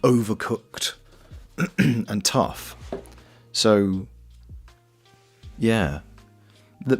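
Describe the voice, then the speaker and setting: A man's voice: on the low side, vocal fry. A young Welsh man with a Welsh accent, chatting casually and jokily while knitting on a stream, swearing freely. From Wales. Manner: rambling, jokey, swears freely. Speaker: streamer and voice actor. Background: faint lo-fi music.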